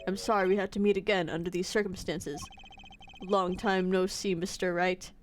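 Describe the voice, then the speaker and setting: A woman putting on a tired man from a game who has given up the law for piano. His voice is lowered and low-key, with faint music behind. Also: flat delivery, normal speed, natural voice. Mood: weary. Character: weary former male lawyer turned pianist.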